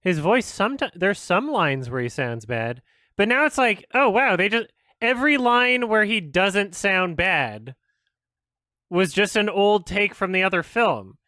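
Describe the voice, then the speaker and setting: Brief: male film critic streamer, high pitch, frustrated and swearing, laughing often, dry recording. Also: big pitch swings, measured pace, pushed and bright, no echo. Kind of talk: ranting stream commentary.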